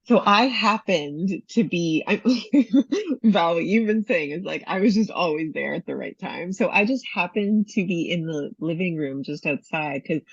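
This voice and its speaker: A woman's voice: lowish voice, expressive, measured pace, vocal fry, husky, no echo. A woman retreat host chatting casually and reflectively with a guest. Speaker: retreat host and iboga provider. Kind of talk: casual conversation. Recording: dull lo-fi recording.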